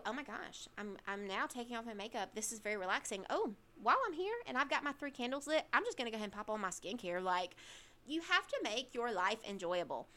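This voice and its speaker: A woman's voice: medium pitch, pushed and bright. A young woman hosting a podcast from a corner of her bedroom, giving emphatic, chatty advice with self-deprecating asides. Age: young adult. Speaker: podcast host. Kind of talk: casual advice monologue.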